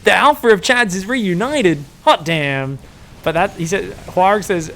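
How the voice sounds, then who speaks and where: A young man with a slightly high voice casts a strategy game with bouncy excitement. He laughs often and jokes around, putting on silly voices for the players. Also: moderate pace, slight background noise. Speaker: game caster. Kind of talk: excitable esports commentary.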